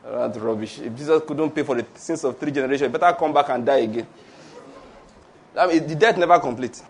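A man's voice: medium pitch, fairly quick, a little hiss or hum. A man preaching a sermon, laughing between points and calling on the congregation to repeat after him. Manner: animated, laughing asides, call-and-response with congregation. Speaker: pastor.

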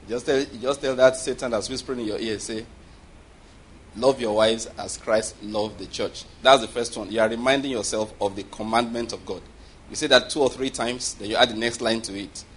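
A man's voice: medium pitch, a little hiss or hum. A man preaching a sermon in a chatty, conversational way, often checking whether the congregation understands and chuckling between points.

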